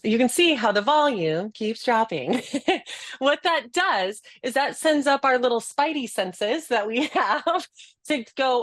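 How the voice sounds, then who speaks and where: Animated woman giving a webinar talk. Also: on the high side, a little slow, no room sound. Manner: animated, demonstrates speech patterns, laughs often. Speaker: communication trainer. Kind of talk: webinar conversation with demonstrations.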